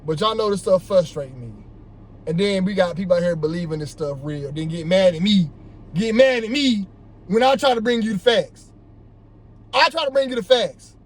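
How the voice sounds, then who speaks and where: A man ranting to his viewers in a loose, rambling way, frustrated and breaking into shouts, recorded in a car on a work break. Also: sits high, low-quality recording. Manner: frustrated, animated, bursts into shouting; loose, rambling, talks straight to his audience. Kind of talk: heated opinion rant to camera.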